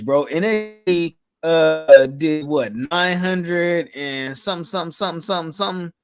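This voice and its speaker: A man co-hosting a podcast, speaking in a fairly high voice for a man. His chat is casual, profane and laid-back. He keeps tagging his sentences with "you feel me". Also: moderate pace, music in the background. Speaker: podcast co-host. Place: podcast studio.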